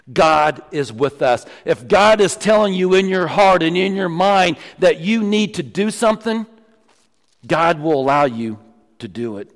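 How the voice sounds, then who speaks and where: A man preaching a sermon as pastor, emphatic, often dropping to low, quiet lines for stress. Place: church sanctuary. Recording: long church reverb.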